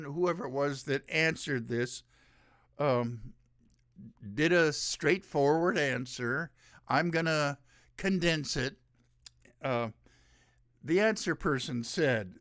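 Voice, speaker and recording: A man's voice: on the high side, slow pace, long pauses, a bit bright, no room sound, clean studio sound. A man hosting his own show, giving rambling, sarcastic solo commentary. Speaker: show host.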